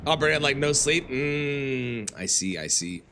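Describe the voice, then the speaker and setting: A man's voice: mid-range voice, sing-song, a little fast, sharp tone, a little hiss or hum. A man streaming a game live, talking to his chat and grumbling at the game. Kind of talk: live gameplay commentary.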